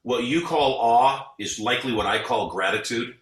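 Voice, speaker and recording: A man's voice: medium pitch, moderate pace, a bit bright. A middle-aged man talking as a podcast guest, an earnest storyteller who acts out the people he quotes. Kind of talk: motivational interview talk. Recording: echoey, off-mic sound.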